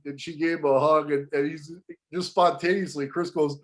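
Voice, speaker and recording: A man telling a story to an interviewer in casual panel talk, animated and often restarting his sentences. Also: a little high, moderate pace. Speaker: guest storyteller.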